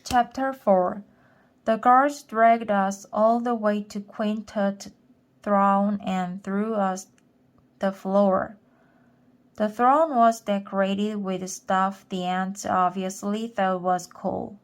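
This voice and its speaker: A woman's voice: medium pitch, steady tone, slow pace. A woman reading a children's chapter book aloud for English learners, going back over any word she stumbles on. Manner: careful, rereading stumbled words. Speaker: storybook reader.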